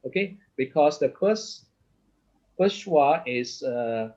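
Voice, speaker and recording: A man's voice: fairly high pitch, lively intonation, slow pace, a little mellow. A man teaching a lesson. He explains step by step with many restarts and keeps checking in with "okay?" and "right?". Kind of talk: lesson explaining Hebrew vowel points. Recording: slightly dull lo-fi sound.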